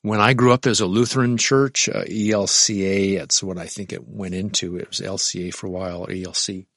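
A man with a fairly low voice delivers a sermon in a conversational way. He reads aloud and breaks off into lively, chuckling asides. The sound is dry and close, with little room echo. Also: a little fast. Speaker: pastor.

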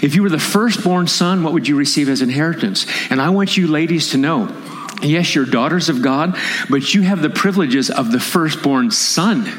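A man's voice: a little high, animated, normal speed. A man preaching a sermon as pastor at a conference, impassioned and rising into emphatic raised appeals. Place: conference hall. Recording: long hall reverb.

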